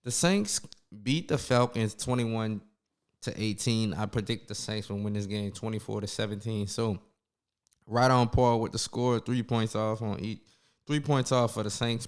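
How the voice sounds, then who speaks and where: A man talks through a solo sports recap in a low, smooth, resonant voice. His words come out a little slurred from a numb mouth after the dentist. He keeps it loose and chatty, calling his viewers y'all. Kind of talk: casual solo sports commentary.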